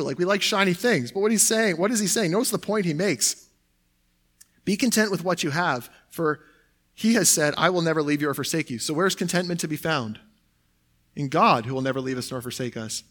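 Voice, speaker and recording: A young adult man, a pastor, delivers a sermon in a conversational style, his fairly high voice a bit bright. He peppers his talk with "like" and "right?".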